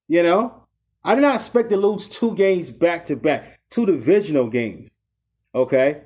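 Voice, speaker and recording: A man talks casually into a close mic as host of his own fantasy football show. His voice sits a bit high for a man. He sounds frustrated, and his speech is loose, full of "you know" and "okay?". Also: sing-song, normal speed, darkish tone. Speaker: podcast host.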